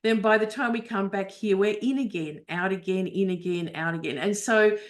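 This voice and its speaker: A woman's voice: medium pitch, normal speed. A woman teaching astrology in a webinar, explaining a chart step by step with frequent fillers and restarts over a video call.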